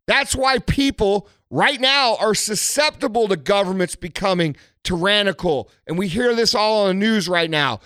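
A man's voice: sits high, animated, normal speed, hardly any pauses, a bit bright, dry recording, clean studio sound. A man from the United States delivering a blunt, profane motivational rant about tough leadership. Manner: blunt, aggressive, heavy swearing. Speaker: motivational speaker.

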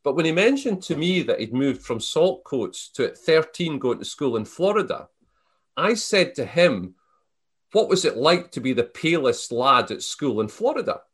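A Scottish man chatting in an interview, his pitch rising and falling a great deal as he tells stories. He stumbles and restarts often, padding his talk with fillers. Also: normal speed, slightly rough. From Scotland. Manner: storytelling, animated, many restarts and fillers. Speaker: guest. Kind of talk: casual interview chat.

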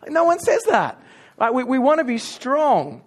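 A man's voice: very high-pitched, sing-song, normal speed, breathy edge. A man with an Australian accent preaching a sermon, telling personal stories in a chatty, self-mocking way. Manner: conversational storytelling with self-mocking humor.

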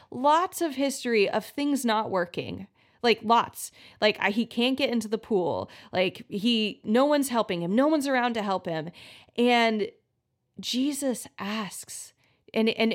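A woman hosting her own podcast as a health practitioner, talking casually with lots of fillers and acting out quoted voices. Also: a little high. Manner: chatty, many "like" fillers, acts out quoted voices. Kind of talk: casual solo podcast talk.

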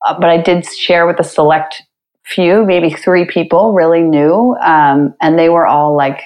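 A woman speaks as a podcast guest in a lower register for her sex. She is candid and chatty, with quick asides. It sounds like a relaxed conversation rather than a speech. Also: low-quality recording. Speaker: podcast guest, real estate investor.

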